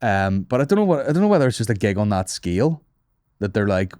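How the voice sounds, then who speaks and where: A young man rambles through a comedic podcast monologue, swearing freely and laughing at his own jokes. His voice sits on the low side. The recording is dry and close, with no room sound. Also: lively intonation, moderate pace, pauses often, darkish tone, no echo.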